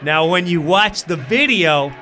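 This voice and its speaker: A man telling a comic story in a lively way, acting out the people in it and swearing freely. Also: high voice, unhurried. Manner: lively, acts out every character, swears freely. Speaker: comedian guest.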